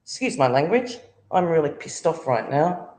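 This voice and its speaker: A woman's voice: low voice, big pitch swings, normal speed, darkish tone, echoey room. Furious woman ranting on a livestream. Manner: furious, confrontational, swearing. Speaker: livestream host. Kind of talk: angry livestream rant.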